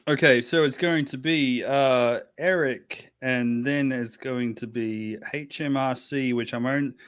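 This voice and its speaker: A man's voice: mid-range voice, steady tone, takes it slowly, fairly bright tone, clean tone. A man acting as game master of a tabletop game, chatty and self-deprecating, often restarting his sentences.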